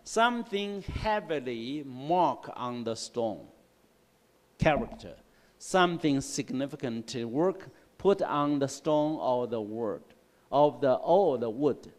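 A male English teacher giving a classroom lecture on word roots, explaining slowly and repeating himself, often checking with "right?" and "okay?". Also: mid-range voice, lively intonation, darkish tone. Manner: slow, repetitive explaining with frequent "right?" and "okay?". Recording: long hall reverb in a classroom.

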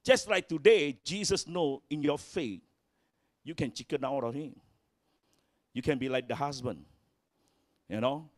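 Slow, emphatic preacher. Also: male voice, dry recording, studio quality. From Malaysia. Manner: emphatic preaching, swinging pitch and volume, acts out quotes. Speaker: pastor. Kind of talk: sermon. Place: church.

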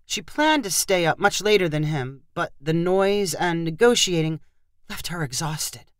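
A woman reading a humorous short story aloud in scripted narration with expressive storytelling. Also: fairly low pitch, unhurried, no echo, clean studio sound. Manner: expressive storytelling, lively intonation.

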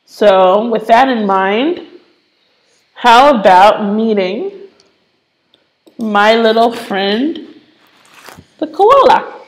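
A woman's voice: fairly high pitch, animated, extremely slow, pauses often, rough recording. A woman teaching English to children in an online lesson, explaining patiently with playful asides.

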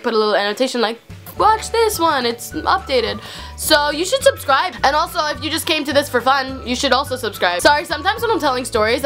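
A woman's voice: a little high, bright, forceful tone. A young woman vlogger chatting casually and bubbly about her shopping haul, filling her talk with "like". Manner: chatty, bubbly, heavy use of "like". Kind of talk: casual haul video chat.

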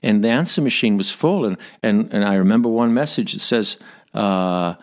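A man in his fifties with a Northern Irish accent, a podcast guest telling stories with animated delivery, often repeating words as he searches. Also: medium pitch, fairly quick. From Northern Ireland. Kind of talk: storytelling interview.

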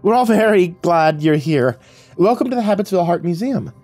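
Man voicing a meek female guard in her thirties, high and anxious, storybook reading. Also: expressive, brisk, a little mellow, dry recording, soft background music. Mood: excited. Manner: timid and hesitant.

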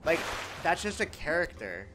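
A young man live-streaming in casual chat, animated and profane as he jokes back at his viewers. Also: fairly high pitch, normal speed, faint music behind. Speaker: livestreamer.

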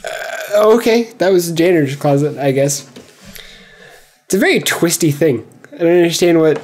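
A man's voice: on the high side, moderate pace, long pauses, a little mellow, faint music behind. A young man commenting on a horror game as he plays, joking and sarcastic while he rambles to himself. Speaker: gameplay commentator. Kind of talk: let's play commentary.

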